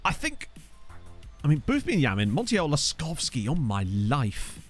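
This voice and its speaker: A man's voice: fairly high pitch, huge pitch swings, normal speed, soft background music. A young man casually chatting to his live chat while playing a game, rambling and reacting as he goes, into a desktop microphone. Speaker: gaming streamer. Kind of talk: casual live-stream commentary. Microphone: desktop USB microphone.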